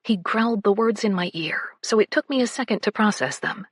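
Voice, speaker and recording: A woman narrating a first-person romance audiobook, breathy and often slipping into whispers. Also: medium pitch, brisk, no room sound, clean studio sound.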